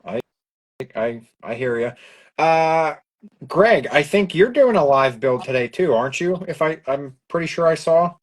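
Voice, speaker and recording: A man co-hosting a building livestream, chatting casually and thinking out loud in an easygoing way. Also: on the high side, animated, unhurried. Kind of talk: casual chat while building.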